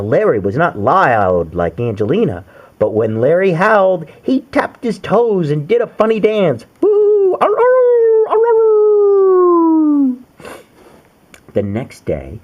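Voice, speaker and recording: A man's voice: medium pitch, slightly rough. A man reading a picture book aloud to his young daughter, playful and sing-song, asking her questions as he goes. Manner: playful, sing-song, sprinkles in animal noises and questions to the child.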